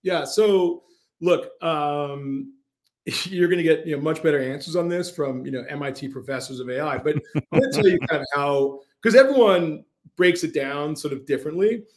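A man's voice: a little high, normal speed. A middle-aged man, a podcast guest, chatting casually and telling stories with lots of fillers and restarts. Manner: animated storyteller with frequent fillers and restarts. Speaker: podcast guest, tech company CEO.

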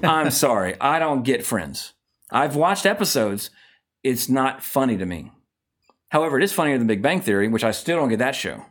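A man's voice: mid-range voice, very animated, moderate pace, fairly bright tone, slightly rough. A man co-hosting a podcast in casual chat, blunt and profane, rambling as he reads out listener emails. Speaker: podcast co-host.

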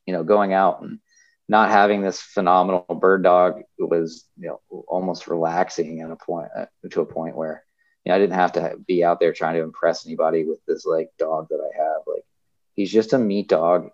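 A man's voice: deep voice, level tone, normal speed, muffled recording. A young man chatting casually as a podcast guest, rambling and emotional, full of fillers and restarts. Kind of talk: casual chat.

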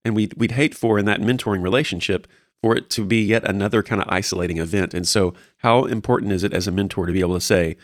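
A man talks quickly and earnestly about guiding young people, with a fairly low voice. He restarts phrases often as he encourages his listeners. The sound is dry and close. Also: dry recording. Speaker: co-host discussing mentoring. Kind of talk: casual faith-based discussion.

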